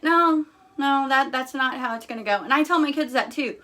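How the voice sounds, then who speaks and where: A woman's voice: sits high, normal speed, fairly bright tone. A young woman hosting a casual live stream, talking bluntly and candidly with lots of fillers.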